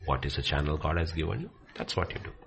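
A man teaching from the Bible with passion, dropping to hushed near-whispers and then rising to loud, excited bursts. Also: a bass voice, quick pace, creaky, noisy background. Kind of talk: impassioned preaching in conversation.

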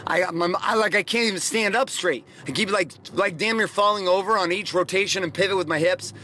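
A middle-aged man hosts a podcast, delivering a casual motivational monologue full of profane, rambling, emphatic stories. His voice is high-pitched, brisk and sharp, with slight background noise.

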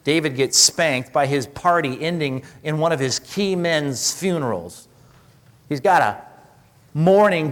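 A male pastor with a somewhat high voice delivers a sermon in an easy, conversational way. He asks the congregation questions and acts out the words of people in the passage. A long reverb trails his voice through the hall. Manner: conversational preaching with rhetorical questions and animated acted-out quotes.

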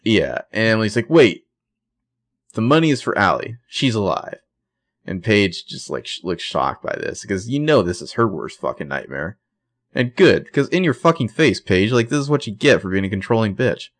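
A man co-hosting a podcast, recapping a TV episode in an animated, profane, opinionated way. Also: fairly low pitch, moderate pace. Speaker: podcast co-host. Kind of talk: casual TV recap chat.

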